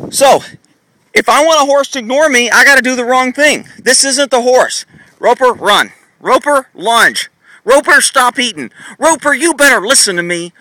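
A blunt, sarcastic man explains horse training as he rambles on. His voice sits high for a man and rings very bright. The sound is dry, from a phone filming outdoors in a paddock. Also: dry recording, poor audio. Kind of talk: casual teaching vlog. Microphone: phone camera held while filming.

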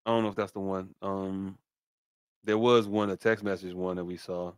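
Male podcast co-host, street slang, animated retelling, dry booth sound. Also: low-pitched, moderate pace, smooth, no echo. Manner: animated storytelling, profane, slangy. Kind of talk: casual podcast chat, reading texts aloud.

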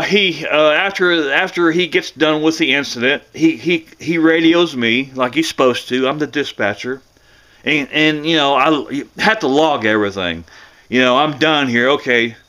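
An older man, a former police dispatcher, telling a story in a casual, animated way and acting out the voices of the people in it. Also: a little high, moderate pace. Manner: animated, acts out voices in the tale, chuckles.

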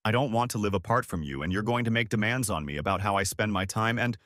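A man's voice: on the low side, lively intonation, quick pace, fairly bright tone, dry recording. A man reading the lines of an angry wife accusing her husband, in a dry recording. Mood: pleading. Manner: snarling, accusing.

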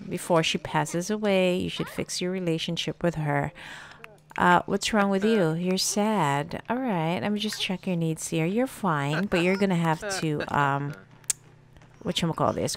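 A woman's voice: fairly low pitch, lively intonation, a little slow. A woman giving casual gameplay commentary, chatting to her game characters with plenty of fillers. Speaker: gameplay streamer.

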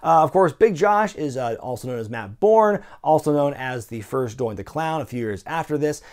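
A man hosting a wrestling review show, talking in a wry, excitable way and swearing freely. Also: a little high, normal speed. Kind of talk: casual recorded review narration.

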